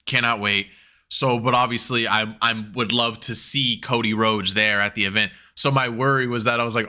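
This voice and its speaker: A man co-hosts a casual wrestling podcast, talking into a headset. His voice is very bright and cutting at a middle pitch. He swears freely, laughs a lot and jumps up in pitch whenever he acts out what someone said. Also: brisk. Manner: animated, swearing, laughing often, acting out quotes in a higher voice. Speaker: podcast co-host. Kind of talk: casual chat.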